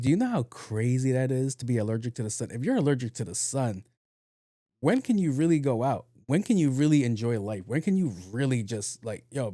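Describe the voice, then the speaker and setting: A man's voice: mid-range voice, no room sound, clean studio sound. A young man hosting a podcast, telling a story in a casual monologue, acting out both sides of a conversation and swearing freely. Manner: animated, acts out dialogue, swears freely. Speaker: podcast host.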